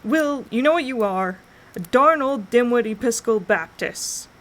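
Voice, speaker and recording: A woman voicing a bold, dreamy young boy in a storybook reading, talking in eager, excited bursts. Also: a little high, normal speed, pitched above the performer's own voice. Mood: teasing. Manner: excited, breathless listing.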